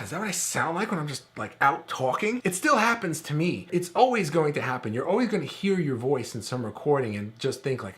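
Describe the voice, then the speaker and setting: Casual talking male course instructor. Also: mid-range voice. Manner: relaxed conversational explaining, with filler words. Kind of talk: recorded course lesson.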